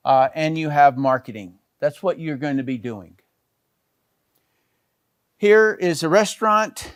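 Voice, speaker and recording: Smooth-voiced man explaining business models. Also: fairly high pitch, no echo, clean studio sound. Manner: conversational, with frequent "okay" and "all right" check-ins. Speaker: business educator. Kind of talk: explanatory talk over slides.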